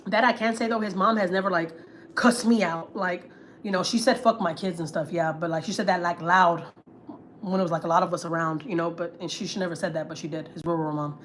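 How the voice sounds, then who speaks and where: Her voice sits on the low side, steady, brisk, and a bit bright, with a little hiss or hum. The family vlogger host, from Houston, Texas, vents bluntly and profanely on a casual livestream, repeating herself to drive points home.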